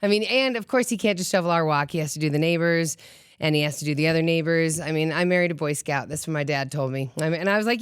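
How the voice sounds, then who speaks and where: A middle-aged woman hosts a radio show and chats away in a lively, talkative way, often laughing and acting out other people's lines. Her voice is smooth and clear. The sound is dry and close, with no room around it. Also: sits low, quick pace, no room sound. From Colorado. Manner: chatty and animated, laughs often, acts out quotes. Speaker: radio host. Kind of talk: casual chat.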